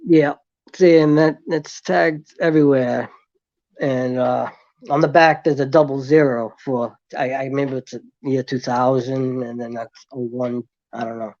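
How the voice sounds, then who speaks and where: A man guest telling a long story in casual chat, rambling with many fillers and restarts, and getting animated as he retells events. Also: medium pitch, measured pace, no echo, dull audio.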